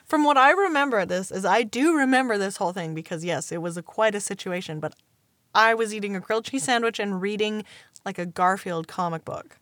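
A woman in her thirties, a podcast host telling stories about her own life in casual chat, animated and laughing often. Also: mid-range voice, brisk, no echo, studio quality.

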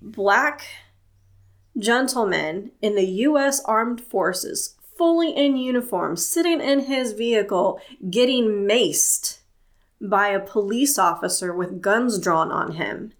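Woman podcast host, solo monologue, earnest and plain-spoken, slow delivery. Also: medium pitch, lively intonation.

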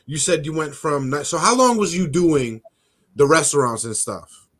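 A bright-toned, rather high male co-host keeps the chat loose. His questions are blunt and joking, and his delivery is quick and direct. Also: animated. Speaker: podcast co-host. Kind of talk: casual chat.

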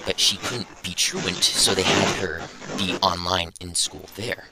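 A man's voice: sits low, fairly even intonation, unhurried, gravelly, heavy background noise. A young man hosting a casual podcast, rambling and thinking aloud as he goes. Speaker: podcast host.

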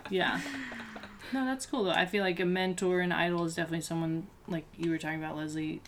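A woman's voice: on the low side, steady tone, fast talker, noisy background. A woman hosting a casual conversation, upbeat and encouraging. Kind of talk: casual chat.

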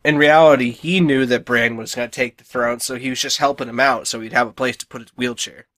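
Excitable young dude on a podcast, bright punchy voice, joking theories. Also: male voice, medium pitch, fairly quick. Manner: excitable, jokey, jumps in with theories. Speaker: podcast co-host. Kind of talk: casual recap chat.

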